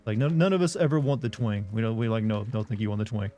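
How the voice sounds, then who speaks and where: A young Southern US man with a slight accent streams a game, chatting in a rambling, self-deprecating way. His fairly low voice is expressive, fast, and mellow. The recording is muffled, with faint music behind him.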